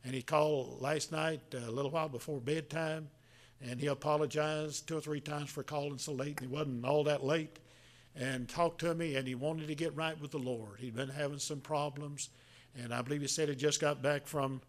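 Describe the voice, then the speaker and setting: A pastor in his seventies gives a homespun sermon in a voice pitched slightly high for a man. His delivery is folksy and halting, full of fillers and restarts as he works through each point, and his intonation stays fairly even.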